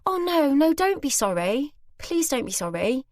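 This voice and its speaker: A British woman putting on the voice of a gracious, gentle, softly spoken older woman she met. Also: fairly high pitch, measured pace, no echo, studio quality, voice pushed up, close to an everyday voice.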